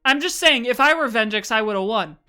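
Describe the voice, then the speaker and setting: A woman's voice: a little high, animated, brisk, sharp tone, smooth, soft background music. A woman giving a casual livestream presentation, rambling and enthusiastic, full of asides. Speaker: streamer presenting a fan slideshow.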